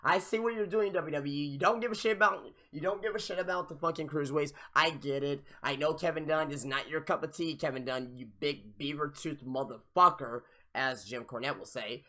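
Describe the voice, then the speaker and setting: A young man hosting a live wrestling review, ranting in a profane, exasperated way with sudden loud outbursts. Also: fairly high pitch, a little fast, hardly any pauses. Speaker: podcast host reviewing wrestling.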